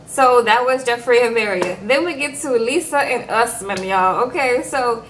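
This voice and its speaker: A woman's voice: fairly high pitch, normal speed, a little hiss or hum, rough recording. A woman giving a casual, chatty recap of a reality show, talking straight to her viewers with lots of fillers. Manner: chatty, addresses viewers directly with frequent fillers.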